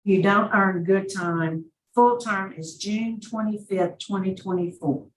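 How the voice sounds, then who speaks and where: Formal woman board chair, distant mic in a reverberant room. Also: medium pitch. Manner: brisk, formal, reading into the record. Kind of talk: formal hearing procedure. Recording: echoey hearing room, distant mic, faint noise.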